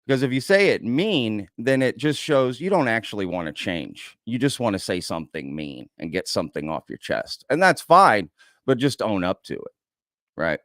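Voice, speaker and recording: A man's voice: fairly low pitch, sing-song, normal speed, fairly bright tone, no echo, clean studio sound. A man with an American accent hosting a casual livestream, chatting loosely and reading out viewers' comments. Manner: chatty, reads out viewer comments, says "y'all". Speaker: livestream host.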